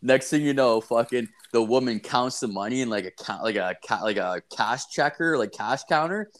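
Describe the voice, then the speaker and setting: A man's voice: mid-range voice, normal speed. A young man hosting a podcast, telling a story in a rambling, profane, casual way with lots of filler words.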